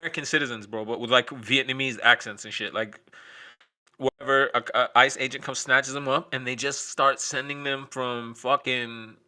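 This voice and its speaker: Bright-voiced sarcastic male stream host. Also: mid-range voice, steady tone, normal speed. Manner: profane, sarcastic, rambling. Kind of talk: casual ranting chat.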